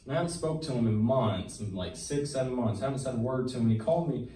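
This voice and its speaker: A man's voice: medium pitch, fast, warm tone. A man giving a personal testimony to a church congregation, retelling a Bible story in earnest, colloquial speech that builds in intensity. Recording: echoey church hall, mic at a distance, faint background noise.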